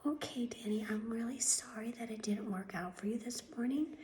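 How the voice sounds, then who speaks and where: A woman's voice: a little high, natural voice. A woman whispering as a syrupy polite receptionist. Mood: sugary, mocking. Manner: breathy soft mocking whisper, slow and syrupy. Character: overly polite female medical office receptionist. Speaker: vlogger doing a mocking impression. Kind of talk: whispered role-play.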